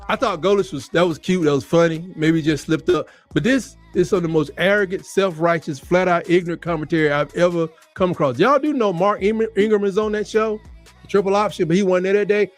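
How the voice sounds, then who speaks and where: Man, sports talk host, very high voice, heated rant, repeats himself for emphasis, faint music underneath. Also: brisk. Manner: fired-up, animated, repetitive emphasis.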